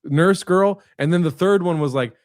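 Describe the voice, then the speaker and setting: A guest comedian whose voice sits high talks at a normal speed, heard in clean studio sound without echo. In a casual video-call chat, he tells long, meandering stories peppered with fillers and swearing.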